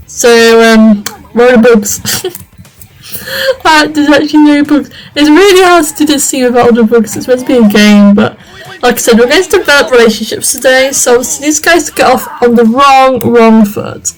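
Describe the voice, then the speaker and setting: Chatty high-voiced woman narrating gameplay. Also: moderate pace, soft background music, rough recording. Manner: chatty, rambling, lots of fillers. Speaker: video game creator. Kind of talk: casual gameplay commentary.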